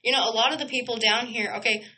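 Woman podcast host, passionate unscripted monologue, sharp bright tone, emphatic and blunt. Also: on the high side, steady tone, fast, poor audio. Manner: emphatic, blunt, swears freely; repeats and corrects phrases mid-sentence. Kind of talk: impassioned monologue.

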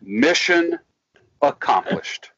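A man speaking as an interview guest, giving life advice in a slow, emphatic, preacherly way with lots of repetition. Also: fairly high pitch, animated, fairly bright tone, no echo, dull audio. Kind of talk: interview, motivational talk.

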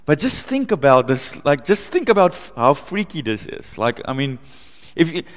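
A man preaching a sermon in a church, conversational, laughing often and growing excited as he tells stories. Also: fairly high pitch, moderate pace, big-room sound. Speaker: pastor.

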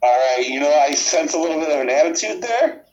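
A man co-hosting a casual podcast, teasing and quick-witted as he plays along with a quiz. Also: on the high side, expressive, lo-fi sound. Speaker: podcast co-host and quiz contestant.

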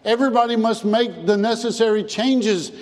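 A man's voice: high voice, normal speed, darkish tone, big-room sound, close to an everyday voice. A man voicing a frightened little boy who stammers and pleads urgently. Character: frightened little boy running to his dad.

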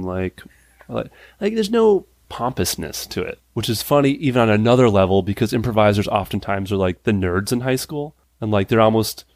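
Lively low-voiced man in his thirties. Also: moderate pace, no echo, studio quality. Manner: animated, acts out quoted voices with big pitch jumps; laughs often, frequent "like" fillers. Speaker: guest character actor and improviser. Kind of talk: casual podcast interview chat.

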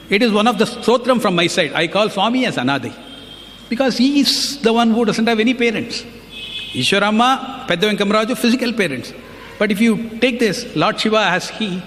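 A man's voice: high-pitched, lively intonation, a little fast, a bit bright, in a large hall, a little hiss or hum. A man giving an earnest devotional talk, telling anecdotes and quoting others as he goes. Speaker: devotional speaker.

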